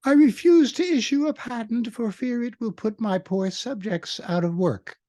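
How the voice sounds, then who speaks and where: A man's voice: very high-pitched, normal speed, warm tone, no echo, clean studio sound, pitched above the performer's own voice. A man voicing a proud old English queen, declaiming in a put-on British accent. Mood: lofty.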